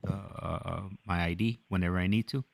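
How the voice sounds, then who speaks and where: Fast-talking gravelly-voiced male host. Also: deep voice, fairly even intonation, a little hiss or hum. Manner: quick rambling talk with many fillers. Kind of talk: casual chat.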